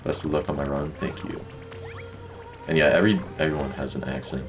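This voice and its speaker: A young man streaming a speedrun chats loosely with his stream chat, rambling and dropping "like" constantly. His voice is very deep with fairly even intonation, and he talks a little fast over loud game music.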